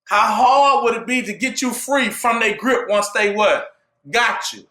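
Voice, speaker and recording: A man preaching a call-and-response sermon, asking "what?" for the listeners to fill in and rising to shouts at his peaks. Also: high voice, a little slow, reverberant. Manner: asks "what?" for the audience to fill in.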